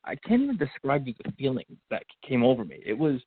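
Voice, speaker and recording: A man guest on a podcast telling an emotional personal story, animated and acting out what people said, with many fillers and restarts. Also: mid-range voice, fast, a little hiss or hum. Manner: animated, acts out quotes, frequent fillers and restarts. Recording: phone-like narrow band audio.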